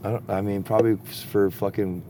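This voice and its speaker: A man's voice: on the low side, flat delivery, fast talker, a crowd in the background. A man telling rambling, profane stories in casual chat, recorded outdoors at a campsite. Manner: rambling, heavily profane storytelling.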